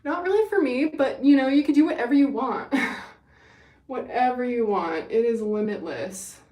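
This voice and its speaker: Speaking at a moderate pace in a slightly high, mellow voice, this young livestream host gushes happily to her viewers while still a bit out of breath from running. The mic is far off, leaving her echoey in the room.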